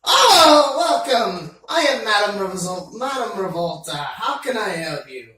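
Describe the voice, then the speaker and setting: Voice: mid-range voice, very animated, unhurried, bright, forceful tone, voice pushed up. Game master doing a tipsy shopkeeper woman, put-on Scottish accent, cheery patter, echoey room, distant mic. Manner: cheery, hospitable shop patter. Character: tipsy female shopkeeper slipping into a Scottish burr.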